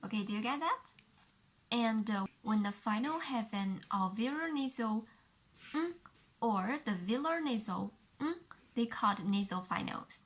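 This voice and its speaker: A woman teacher with a Chinese accent, her voice sitting a little high. She speaks slowly and deliberately, explaining pronunciation step by step and repeating each sound for the learner. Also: expressive. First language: Mandarin Chinese. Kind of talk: pinyin pronunciation lesson.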